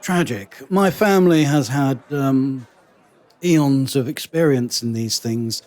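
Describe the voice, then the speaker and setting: A man playing a tabletop game in character, brisk and sardonic with a pompous air. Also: medium pitch, a little mellow, a faint crowd. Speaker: player.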